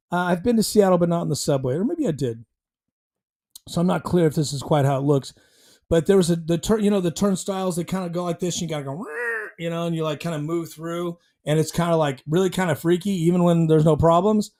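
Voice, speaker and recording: Casting: high-pitched male host, casual rambling recap, acts out bits with growls. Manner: rambling, animated retelling with growled sound effects.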